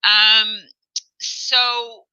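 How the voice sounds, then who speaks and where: A woman guest coach in casual chat, animated and joking, rambling through her points. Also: fairly high pitch, drawn-out words, smooth, dull audio.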